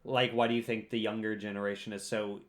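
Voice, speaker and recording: A man's voice: on the low side, little pitch movement, quick pace. A young man co-hosting a podcast, rambling and teasing in casual chat. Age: young adult. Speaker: podcast co-host.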